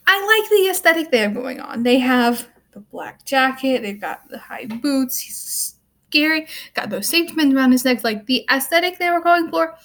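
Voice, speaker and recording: A young woman with a slightly high voice rants about a film straight to the camera. She rambles, leaning on "like" and "um" as she goes, with a wry, offhand edge. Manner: rambling, full of "like" and "um". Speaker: student vlogger. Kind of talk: casual movie rant to camera.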